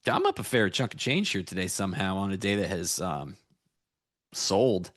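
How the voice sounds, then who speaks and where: A futures trader co-hosts a live trading stream from a studio, bantering casually about trades in a low, animated, fairly bright voice at a moderate pace. The sound is clean with no room sound, and he's playful and upbeat, laughing often.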